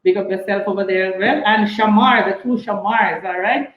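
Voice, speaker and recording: Woman chef shouting out friends. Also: mid-range voice, normal speed, reverberant, dull audio. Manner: cheerful, repeats "all right" and "big up yourself". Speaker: cooking show chef. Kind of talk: casual shout-outs on a live cooking stream.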